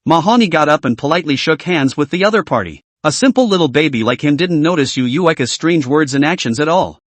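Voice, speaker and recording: A man's voice: fairly high pitch, expressive, quick pace, hardly any pauses, no room sound. A man narrating a story recap in a scripted storytelling delivery.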